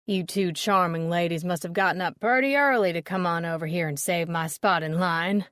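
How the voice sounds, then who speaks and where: A woman voicing a portly, pompous older man with a loud, brassy Southern drawl. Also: normal speed, dry recording, studio quality, natural voice. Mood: boastful. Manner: booming, showy and ingratiating.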